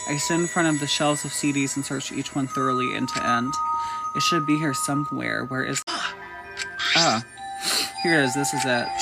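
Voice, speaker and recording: A man's voice: medium pitch, gravelly. A man hosting a let's play, reading game dialogue aloud with sarcastic asides. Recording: loud game music behind voice.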